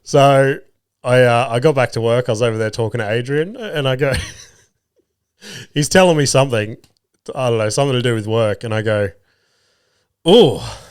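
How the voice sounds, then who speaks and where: Crude, giggly man with a smooth voice. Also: mid-range voice, moderate pace, long pauses, no echo, clean studio sound. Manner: crude, rambling, laughs at his own jokes. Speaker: podcast host. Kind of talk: casual solo podcast storytelling.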